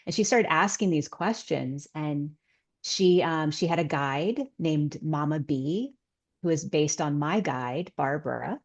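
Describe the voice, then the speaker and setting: Casting: middle-aged woman guest, low voice, earnest storytelling tone. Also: a little slow, a little mellow. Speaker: guest author and healer. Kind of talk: casual interview chat.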